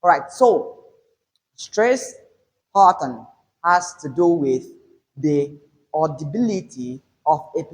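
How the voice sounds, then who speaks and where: A male English teacher explains pronunciation rules in a slow, deliberate way. His voice sits a little high for a man, and he leans on key words to stress them. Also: animated, poor audio. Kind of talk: classroom lesson explaining.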